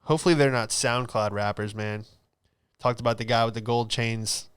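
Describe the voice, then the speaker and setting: Brief: young male podcast host, smooth clear voice, relaxed rambling chat. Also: mid-range voice, moderate pace. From Florida. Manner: laid-back, rambling storytelling with slang. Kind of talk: casual solo podcast chat.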